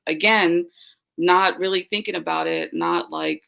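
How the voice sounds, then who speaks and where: A woman's voice: lowish voice, a little slow, creaky, highs cut off. Young woman telling a story animatedly. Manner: animated storytelling, acting out quoted voices. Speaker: guest. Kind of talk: casual podcast chat.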